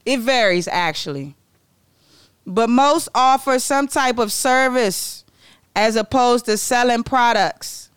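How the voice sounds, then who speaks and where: A young woman from Maryland explains business facts in a loose, excitable vlog manner, cracking jokes, swearing and drifting into side remarks. Her voice sits a little high and is exceptionally smooth and clear. The recording is close and dry, with no room sound. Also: takes it slowly, dry recording. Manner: excitable, joking, digressive, swears freely. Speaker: vlogger presenting facts on Black-owned businesses. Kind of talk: casual educational vlog talk.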